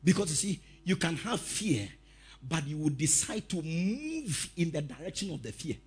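Raspy, animated male preacher. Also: a little high, moderate pace. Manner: animated storytelling, shouting out quotes, laughing. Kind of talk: sermon.

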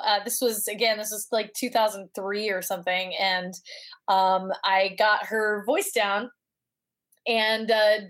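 A middle-aged woman, a voice actor, telling an anecdote in a casual interview and acting out the people in it. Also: mid-range voice. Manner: animated, acts out voices in her anecdotes.

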